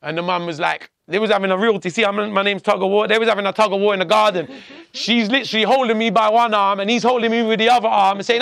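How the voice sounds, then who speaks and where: Male podcast guest, casual profane storyteller, acts out the dialogue, high gravelly voice. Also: steady tone, fast talker, a bit bright.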